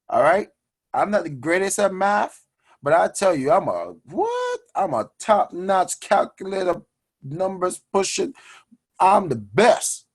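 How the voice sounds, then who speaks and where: Husky guy on a money show, lively sing-song delivery, kinda preachy. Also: high-pitched. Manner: animated, preachy, addresses audience as guys. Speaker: finance show host. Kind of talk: energetic motivational money talk.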